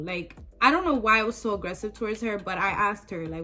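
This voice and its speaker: A woman's voice: fairly high pitch, animated, moderate pace, bright, forceful tone, soft background music. A young woman vlogger telling a personal story in casual, emotional talk with many fillers.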